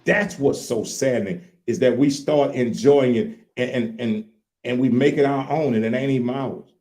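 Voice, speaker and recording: A man in his late fifties from Louisiana with a Southern accent, co-hosting a casual livestream chat in a folksy, animated way. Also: medium pitch, moderate pace. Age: late 50s. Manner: folksy, animated, repeats "look here". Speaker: co-host.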